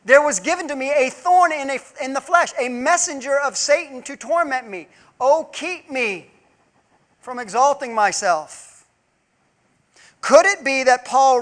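Very high-voiced preaching man. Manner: emphatic preaching, swinging between loud pleas and hushed asides; rhetorical questions to the congregation. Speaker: pastor. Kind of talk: sermon.

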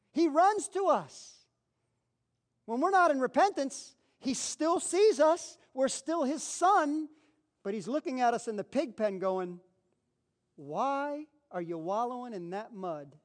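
A man preaching a sermon, animated, acting out the people in the Bible story and repeating phrases for emphasis. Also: extremely high pitch.

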